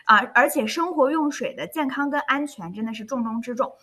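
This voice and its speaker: A woman hosting and interpreting a webinar over a video call, switching between Chinese and English in a cheerful, lively way. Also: sits high, brisk.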